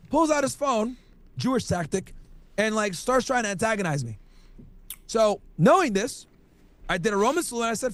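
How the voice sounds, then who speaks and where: A man's voice: sits high, expressive, fairly quick, pauses often, a bit bright, no echo. A man chatting casually as a streamer, telling rambling stories full of crude slang. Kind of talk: casual podcast chat.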